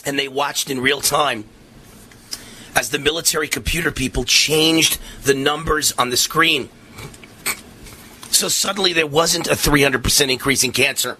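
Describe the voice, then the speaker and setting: A man's voice: on the high side, moderate pace, a little hiss or hum. Fiery middle-aged male talk radio host. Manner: fiery, impassioned ranting that rises to shouts. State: voice strained from shouting.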